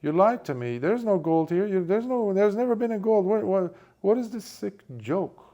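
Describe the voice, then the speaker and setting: A man's voice: a little high, slow, gravelly, darkish tone, dull audio, voice pushed up, heavily acted. A man voicing a poor, complaining man who is bitter and frustrated, talking in a raised, accusing voice. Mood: angry.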